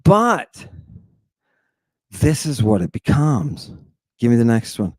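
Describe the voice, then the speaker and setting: A man giving an informal lecture on ancient texts in a theatrical way, swinging between hushed, dark asides and excited outbursts. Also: medium pitch, slow, dry recording.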